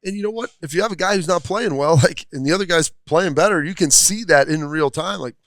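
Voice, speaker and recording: A man's voice: on the high side, fast, a bit bright, no echo. A man who used to play, now an analyst, explaining football in a folksy way with examples. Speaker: former player, analyst. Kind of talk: casual sports talk. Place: restaurant, live show.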